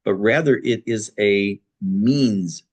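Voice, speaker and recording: A man teaching a relaxed, conversational Torah class as a rabbi, talking with many restarts and fillers. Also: lowish voice, slow. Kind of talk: informal Torah lesson.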